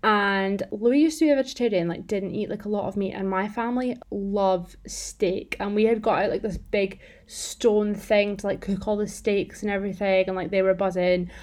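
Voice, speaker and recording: A woman's voice: mid-range voice, fairly even intonation, moderate pace, hardly any pauses, darkish tone. A woman in her twenties, a podcast co-host, telling stories in casual chat and acting out what people said. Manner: chatty storytelling, acts out quotes.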